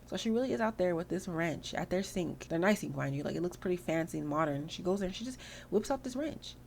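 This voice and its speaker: A woman's voice: lowish voice, animated, fast, creaky, darkish tone, a little hiss or hum. A woman hosting a gaming channel, giving rambling, chatty commentary over her gameplay.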